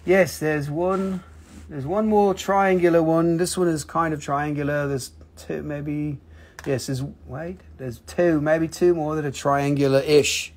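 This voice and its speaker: A man's voice: a little high, steady tone, measured pace, a little mellow. A man hosting a live crystal sale stream, joking around and calling out buyers' names and prices. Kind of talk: live sales stream chat.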